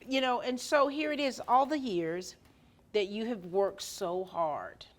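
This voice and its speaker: A woman's voice: medium pitch, a little slow. A woman interviewing a student for local TV, effusive and encouraging, with rambling, looping questions. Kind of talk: casual interview.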